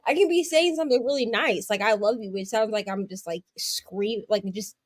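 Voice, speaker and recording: A woman hosting a casual chat on a livestream, telling stories with quick asides and frequent laughter. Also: a little high, no room sound. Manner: chatty storyteller, quick asides, laughs often. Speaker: host of a long reading and craft sprint stream.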